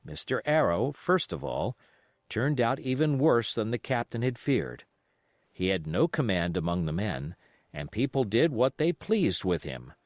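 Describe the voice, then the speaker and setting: Expressive male audiobook narrator. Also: fairly low pitch, measured pace, no room sound, clean studio sound. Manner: expressive storytelling reading.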